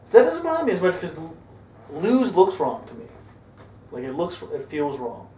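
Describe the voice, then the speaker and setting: A male co-host in casual banter, dropping wry, deadpan quips. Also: a little high, moderate pace. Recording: roomy echo, distant mic, faint hiss.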